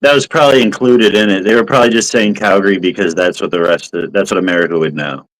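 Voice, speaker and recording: Man, very deep voice, teasing, dry close sound. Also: fast, dry recording, rough recording. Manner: teasing, laughs often. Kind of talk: casual banter.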